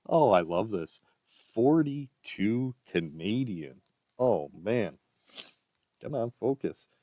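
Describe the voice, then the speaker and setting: A man vlogging a coin roll hunt, reading out dates one by one in a casual murmur and breaking into excited exclamations. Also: on the low side, slow pace, dry recording. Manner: reads dates aloud one by one, often quietly, with excited exclamations. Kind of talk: casual commentary while sorting coins.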